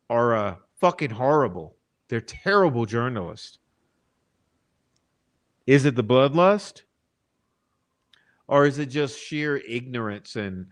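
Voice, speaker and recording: Man, host, profane, exasperated commentary. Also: mid-range voice. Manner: addresses the chat directly. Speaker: channel host. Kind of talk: ranting true-crime commentary.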